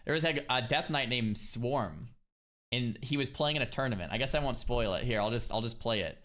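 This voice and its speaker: A man's voice: mid-range voice, fairly quick, fairly bright tone. A young man streamer giving casual, laughing reaction commentary and often restarting his sentences.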